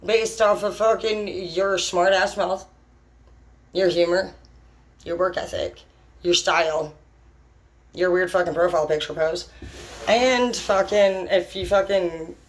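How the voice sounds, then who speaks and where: A woman's voice: lowish voice, fairly even intonation, slow pace, long pauses, low-quality recording. Blunt, foul-mouthed woman venting. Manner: blunt, heavy swearing, rambling; brash and unfiltered. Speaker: vlogger. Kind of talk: casual monologue to camera.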